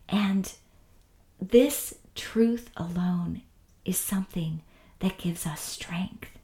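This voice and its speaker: Woman, devotional teacher, slow and hushed, earnest, echoey room. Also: on the low side. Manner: gentle, earnest, often soft and hushed. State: tearful. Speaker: podcast Bible teacher.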